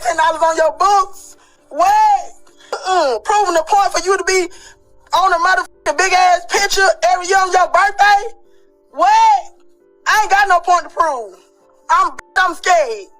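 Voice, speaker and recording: A woman's voice: very high voice, fairly bright tone, rough recording. A woman, ranting impassionedly and repetitively on a phone livestream, swearing heavily. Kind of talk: emotional livestream rant.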